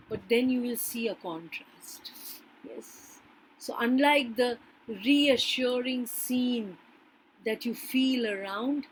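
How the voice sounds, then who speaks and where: Woman teacher, unhurried lecture pace, keeps checking in with the class, some faint background hiss. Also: a little high, poor audio. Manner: checks in with frequent yes and right; hesitant restarts and fillers. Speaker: literature teacher.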